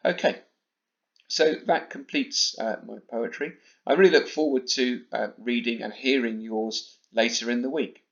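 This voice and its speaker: An English man teaching a primary school class, speaking in an even mid-range voice. He takes his time, pausing deliberately between phrases. The recording sounds slightly dull and lo-fi. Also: medium pitch, creaky. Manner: slow, careful delivery with deliberate pauses. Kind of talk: recorded home-learning lesson.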